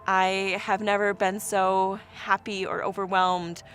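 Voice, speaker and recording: A woman recounts a personal story in an interview with lively energy. She slips into quoted voices as she tells it, and her pitch sits in an ordinary middle range. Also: slow pace, faint music behind. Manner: animated, acts out quoted dialogue.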